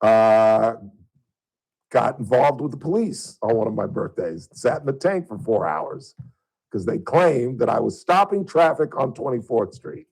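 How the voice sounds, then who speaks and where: Telling stories on his radio show in a casual way, a middle-aged Southern California man becomes loud and high-pitched when stirred up. He sounds animated yet unhurried, with a creaky voice, and the audio is poor.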